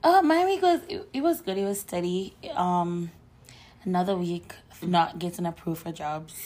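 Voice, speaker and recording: A woman with a slightly low, hoarse voice co-hosts a casual podcast. She chats in a lively, rambling way, full of fillers as she sets up stories. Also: moderate pace. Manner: chatty, animated storyteller with frequent fillers. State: hoarse from shouting. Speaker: podcast co-host. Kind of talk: casual chat.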